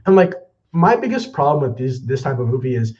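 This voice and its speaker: A man's voice: medium pitch, big pitch swings, brisk, a little mellow. A young man hosting a movie news livestream, rambling and apologetic, a bit out of breath. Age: young adult. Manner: rambling, apologetic, self-deprecating. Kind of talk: casual livestream chat. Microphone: backup mic instead of usual one. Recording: dull lo-fi backup mic.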